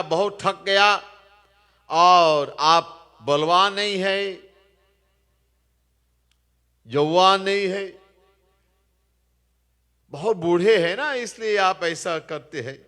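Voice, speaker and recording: A man's voice: high voice, voice pushed up. A man doing a sneering, sarcastic king. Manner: mocking, scornful, shouting. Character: sarcastic taunting king, male adult. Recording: echoey temple hall.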